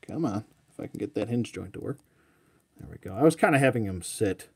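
A man's voice: medium pitch, big pitch swings, normal speed, long pauses, husky. A man hosting a live toy showcase, chatting casually in a rambling, self-mocking way and talking to his dog. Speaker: toy collector host.

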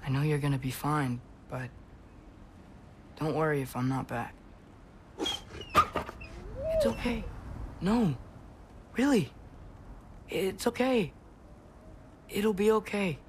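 Teenage boy game character, earnest, unhurried, gentle, slightly high voice, faint ambience behind. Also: huge pitch swings, a little hiss or hum, exaggerated voice. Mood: tender. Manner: gentle, soothing, playful with animals. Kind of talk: video game dialogue.

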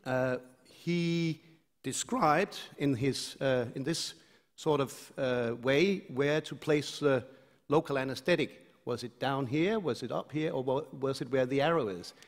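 A man's voice: mid-range voice, unhurried. Danish-accented man lecturing in a reverberant hall. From Denmark. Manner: hesitant, many fillers and restarts, light self-mocking humor. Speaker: anesthesiologist giving a conference lecture. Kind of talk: conference lecture.

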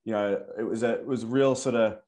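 A man with an Australian accent, a guest telling his story in a relaxed, easygoing way over a video call. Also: lowish voice, fast. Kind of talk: casual video call interview.

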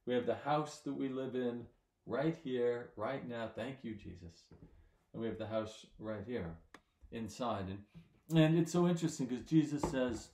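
A man, a pastor, giving a children's sermon in gentle, simple words, checking in with his listeners. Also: mid-range voice, unhurried, reverberant.

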